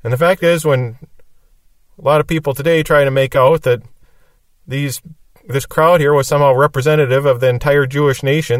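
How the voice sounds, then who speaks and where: A man teaches scripture in a steady, mid-pitched voice. He reads a verse and then explains it plainly. The sound is dry, and he stands a little back from the microphone. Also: dry recording, distant mic. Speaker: Bible teacher.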